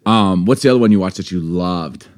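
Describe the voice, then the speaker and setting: A man co-hosting a podcast from a studio, chatting and joking with his wife and laughing as he tells stories. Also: low voice. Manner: teasing, quick to laugh, tells stories with voices. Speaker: podcast co-host.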